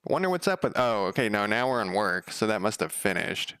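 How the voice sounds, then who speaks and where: Coding a game on stream, this man tells a meandering, profane story in a sing-song, slightly fast, smooth voice, recorded dry. Fillers pop up constantly, and his voice climbs louder and higher for quoted lines.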